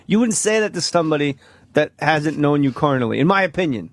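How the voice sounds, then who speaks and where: A male comedian guest on a radio show, telling profane, animated stories in casual talk. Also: on the high side, brisk. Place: radio studio. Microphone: studio microphone.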